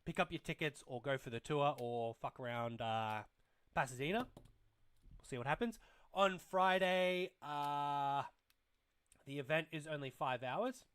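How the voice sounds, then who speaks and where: A man's voice: a little high, a little slow, fairly bright tone, clean tone. A young man hosting a casual toy livestream, rambling and swearing freely as he reads chat aloud. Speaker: livestream host.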